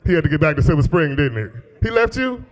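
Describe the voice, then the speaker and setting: Very animated and quick, his voice runs on the high side. The stand-up, a man in his thirties, delivers a loose, profane set in a small club through a handheld stage mic, needling the crowd and laughing at his own humor.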